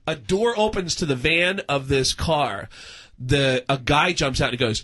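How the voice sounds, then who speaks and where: A man, a comedian, telling a long story on a radio show, acting out everyone's lines, often laughing and shouting. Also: animated, normal speed, slight background noise. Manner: acts out other people's lines with big pitch swings, laughing and shouting. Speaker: comedian guest. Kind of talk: animated comic storytelling. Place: radio studio.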